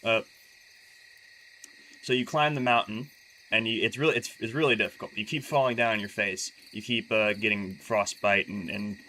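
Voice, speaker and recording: A man's voice: on the low side, steady tone, normal speed, pushed and bright, slight background noise, rough recording. A man streaming live who reads aloud and then chats casually, stumbling and restarting his sentences often and making wry asides. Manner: chatty and wry when talking freely.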